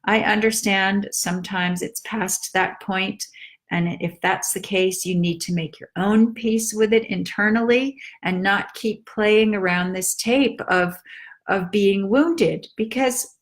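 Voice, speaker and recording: A woman life coach giving casual advice in a calm, direct way, stretching words for emphasis. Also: medium pitch, slow pace.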